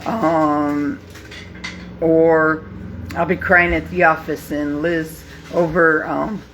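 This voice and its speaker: A woman in her fifties speaks slowly and haltingly, often pausing and reaching for words. She talks openly and heartfelt to viewers as the host of a grief support group, with a faint hiss underneath. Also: sits low, little pitch movement, fairly bright tone. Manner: slow, halting, with many pauses and fillers. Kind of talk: live casual talk to viewers.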